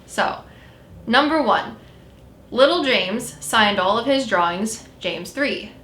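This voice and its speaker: A woman's voice: a little high, animated, takes it slowly, a bit bright, roomy sound. A woman co-hosting a podcast in casual, rambling chat, retelling her conversations with a spirit. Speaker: podcast co-host.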